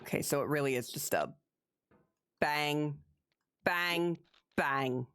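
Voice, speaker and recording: A woman live-streaming gameplay, commenting as she plays, swearing and yelling at the game, then talking herself back to calm. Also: deep voice, slow pace, clean tone, no room sound. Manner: animated, swears, yells at the game.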